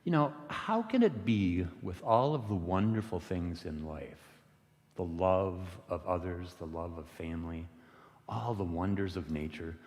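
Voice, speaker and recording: A man giving a storytelling sermon, retelling a parable in an unhurried, gentle way. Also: deep voice, big-room sound. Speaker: lay worship speaker. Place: church sanctuary.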